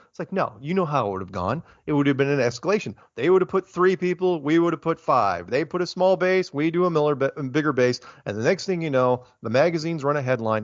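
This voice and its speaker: A man, a guest in a casual interview, talking in an animated, rambling way and getting worked up. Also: on the high side, fast, hardly any pauses, no echo. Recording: dull lo-fi, dry sound.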